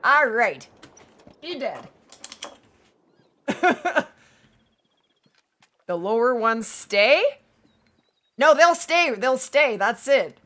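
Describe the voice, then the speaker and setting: A woman hosting a hunting-game livestream, chatting casually with viewers and reading their messages aloud, her voice going hoarse from days of streaming. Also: on the high side, animated, a bit bright. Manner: upbeat, chatty, reads chat aloud, quick to laugh. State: losing her voice. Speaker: livestream gaming host. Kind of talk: casual livestream chat while playing.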